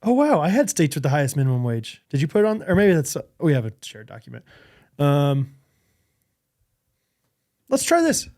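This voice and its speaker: Here a man co-hosting a podcast runs a laid-back quiz in a fairly high, mellow voice. He's very animated, talks at a moderate pace with long pauses, and giggles a lot while hesitating over many ums.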